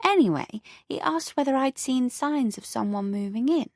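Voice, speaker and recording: A woman's voice: sits high, expressive, normal speed, a little mellow, no room sound, voice pushed up. A woman voicing a prim, gossipy elderly neighbour who talks in a fussy, lilting way, in a dry studio audiobook reading. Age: older.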